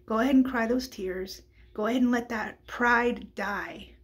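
A woman's voice: fairly high pitch, unhurried, slightly rough. A woman giving a personal Christian testimony in a candid, conversational way, often tossing in "like" and "right?".

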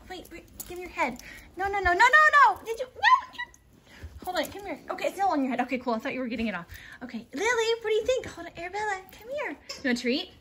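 Brief: woman, very high sing-song voice, coaxing pets, noisy home video. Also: sharp tone. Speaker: dog owner. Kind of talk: casual baby talk to pets. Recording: home video with background noise.

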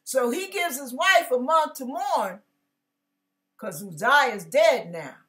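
A woman's voice: sits high, animated, slow pace, a bit bright. A woman pastor giving a casual, conversational sermon, acting out biblical characters and dropping slangy asides.

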